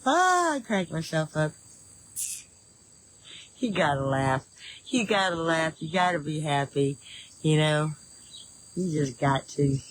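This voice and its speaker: A woman's voice: low voice, slow, pauses often, a little hiss or hum, low-quality recording. An older woman with a Southern drawl, hosting a casual livestream, chatting about her day and reading viewer comments. She rambles, restarts her sentences often and laughs easily. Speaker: livestream host. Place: home in the woods.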